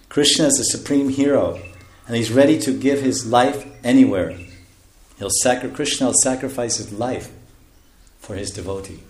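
A man giving a sermon as a spiritual teacher, talking conversationally, chuckling often and dropping into soft asides. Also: medium pitch, roomy sound.

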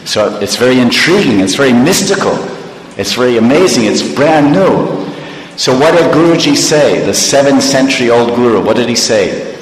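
A man's voice: medium pitch, lively intonation, normal speed. An older man giving a sermon as a spiritual teacher, ironic and repetitive, with rhetorical questions. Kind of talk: sermon to an audience. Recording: echoey hall reverb.

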